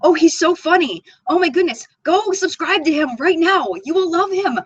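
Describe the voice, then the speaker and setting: A woman's voice: very high-pitched, normal speed, no room sound, dull audio. A woman hosting a live makeup chat stream, reading viewer comments aloud and gushing over them. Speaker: beauty channel host.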